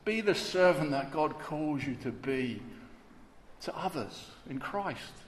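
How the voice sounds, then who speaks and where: A man preaching a sermon, emphatic and rhetorical, moving between hushed and forceful delivery. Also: a little high, animated, slow pace. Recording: echoey hall, long reverb, faint background hiss.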